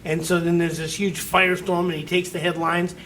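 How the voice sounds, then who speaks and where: A man's voice: high-pitched, level tone, brisk, fairly bright tone, a little hiss or hum. A man hosting a talk radio show, chatting casually in a folksy storytelling way and acting out the voices of people he quotes.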